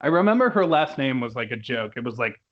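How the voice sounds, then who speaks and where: A man's voice: medium pitch, big pitch swings, quick pace, slight background noise. A young man reviewing a musical in casual chat, laughing often and quoting lines in put-on voices. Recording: dull lo-fi recording.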